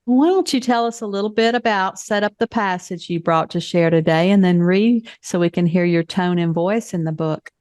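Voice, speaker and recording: A woman's voice: fairly low pitch, normal speed, few pauses, darkish tone, no echo, clean studio sound. A woman in her fifties hosting an author interview in friendly conversation. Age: 50s. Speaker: podcast host. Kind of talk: casual interview chat.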